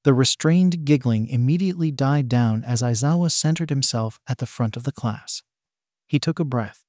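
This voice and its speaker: A man narrates fan fiction in a steady, plain reading voice and keeps the swearing in. His pitch sits in an ordinary middle range. The sound is dry and close, with no room around it. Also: moderate pace, no echo. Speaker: story narrator.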